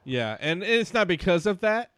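A man's voice: high voice, sing-song, moderate pace, a bit bright, no room sound. A man hosting a movie podcast in casual banter, steering the talk and asking his co-hosts for their picks. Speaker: podcast host. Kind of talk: casual film-review banter.

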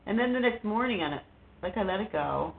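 A woman guest talking casually and haltingly about her life, with many fillers and restarts. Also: mid-range voice, expressive, creaky. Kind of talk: casual personal conversation. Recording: phone-like line with faint noise.

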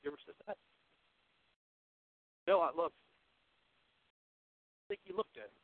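A man preaching a sermon in a conversational way. He asks the congregation questions and swings between loud, emphatic bursts and hushed asides. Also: fairly high pitch, lively intonation, normal speed, dry recording, narrow, tinny audio. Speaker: pastor.

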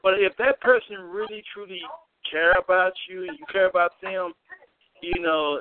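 A man's voice: high voice, fairly even intonation, normal speed, noisy background. A man speaking earnestly in a casual faith-based chat, repeating himself as he searches for words. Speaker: guest speaker. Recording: tinny phone line.

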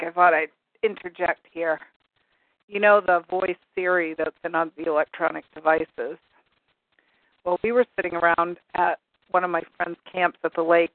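A woman's voice: fairly low pitch, no echo. A woman hosting a call-in show, chatting casually and telling a rambling, amused story. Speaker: radio call-in show host. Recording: tinny phone-line sound.

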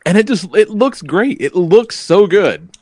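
Animated, profane man telling stories. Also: sits high, a little slow, slightly rough, dry recording, clean studio sound. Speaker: podcast host. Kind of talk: casual chat.

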